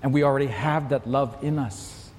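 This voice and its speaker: A man's voice: medium pitch, moderate pace, big-room sound, a little hiss or hum. A man preaching a sermon to a congregation, telling a story and acting out the quoted lines. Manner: storytelling, acts out quotes and shouts. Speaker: pastor.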